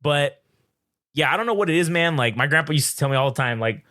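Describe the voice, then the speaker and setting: A young man co-hosting a podcast, telling stories in a profane, animated way and mocking people in put-on voices. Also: fairly high pitch, fast talker, dry recording, clean studio sound. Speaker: podcast co-host. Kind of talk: casual chat.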